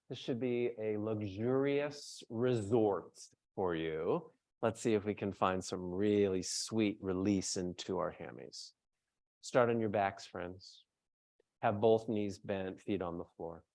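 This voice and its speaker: A man who is a yoga teacher, explaining hamstring anatomy to a class and then slowly guiding them through a strap stretch. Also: mid-range voice, mellow. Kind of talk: yoga workshop instruction.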